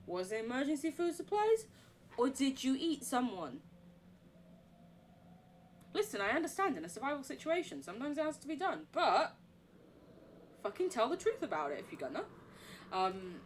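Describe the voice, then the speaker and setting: A woman's voice: on the high side, very animated, moderate pace, slight background noise. A young woman with an English accent, streaming a game live, reading notes aloud and chatting in a rambling way, swearing casually and laughing often.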